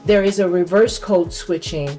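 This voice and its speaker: A woman who grew up in California, a podcast guest telling a personal story in a lively, laughing way. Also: fairly low pitch, normal speed, faint music behind. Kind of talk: casual storytelling.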